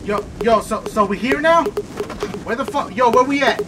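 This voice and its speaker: A man acting in a comedy skit inside a van, talking loudly in brash slang-heavy banter. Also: extremely high pitch, normal speed, heavy background noise. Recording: loud music over the voice.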